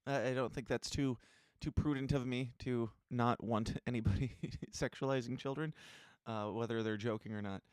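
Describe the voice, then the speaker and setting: A man's voice: mid-range voice, steady tone, normal speed, a little mellow, clear, resonant tone, no room sound. A man co-hosting a casual news podcast, talking in a blunt, exasperated and emphatic way. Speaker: podcast co-host. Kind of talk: casual news-commentary chat.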